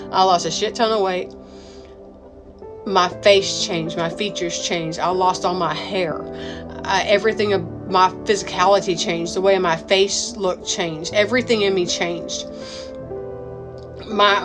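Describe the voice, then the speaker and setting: A woman giving a raw personal testimony, repeating herself and swearing freely as she talks. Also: medium pitch. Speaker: mother and business owner telling her story. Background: music.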